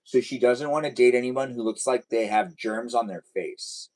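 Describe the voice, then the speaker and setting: A man's voice: mid-range voice, normal speed, darkish tone, rough recording. A young man hosting a casual live stream, chatting playfully and answering viewers' comments.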